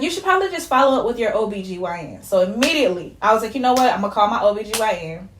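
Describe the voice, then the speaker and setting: A young woman vlogger tearfully telling a personal story in a candid, conversational way, her voice dropping as she fights back tears. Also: mid-range voice. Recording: echoey room.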